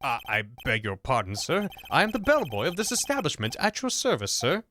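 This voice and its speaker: A man's voice: medium pitch, huge pitch swings, brisk, pushed and bright, slight background noise, voice pushed down. A man voicing a stiff, overly formal hotel bellboy who tacks a polite "sir" onto every sentence. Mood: stiffly polite. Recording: game music playing underneath.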